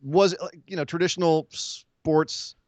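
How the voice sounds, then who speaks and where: A man's voice: fairly high pitch, measured pace, no room sound. A man co-hosting a podcast, recapping wrestling in casual chat and acting out what people said. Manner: animated storytelling, acts out quotes in silly voices. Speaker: podcast co-host. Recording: dull lo-fi, dry sound.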